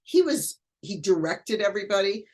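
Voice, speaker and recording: An older woman who is a guest educator, chatting casually in an interview and telling animated stories. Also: medium pitch, moderate pace. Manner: animated storyteller, acts out quoted voices.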